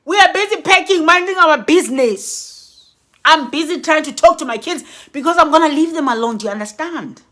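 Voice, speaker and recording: A middle-aged woman tells a storytime vlog in a very high voice. She is dramatic and expressive and mimics bangs and blasts aloud. Her tone is bright and forceful. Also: brisk. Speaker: vlogger telling a story.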